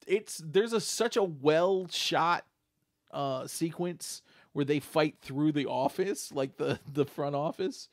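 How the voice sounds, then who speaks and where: A man's voice: on the high side, takes it slowly, no echo, studio quality. A man co-hosting a casual talk show, chatting enthusiastically and rambling, laughing often. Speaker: podcast co-host. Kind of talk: casual chat.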